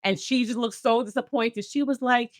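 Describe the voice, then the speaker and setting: A woman guest on a podcast, telling lively stories and acting out other people's lines in casual chat. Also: a little high, normal speed, dry recording, studio quality. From United States. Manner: animated storyteller, acts out quoted voices. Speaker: podcast guest, fitness business owner. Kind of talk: casual storytelling interview.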